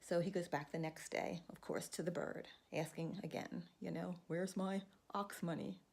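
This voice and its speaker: Woman, storyteller, folktale, animated telling, gravelly fry, dark tone. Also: lowish voice, normal speed.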